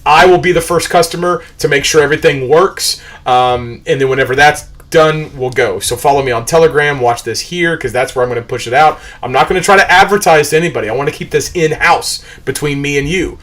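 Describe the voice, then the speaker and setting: A man in middle age with a somewhat high-pitched voice hosts a livestream. He drives his points home by repeating them and slides into sermon-like preaching. His talk rambles from one subject to the next. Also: brisk, hardly any pauses, fairly bright tone. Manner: emphatic, repetitive, preachy; rambling, jumps between topics. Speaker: show host.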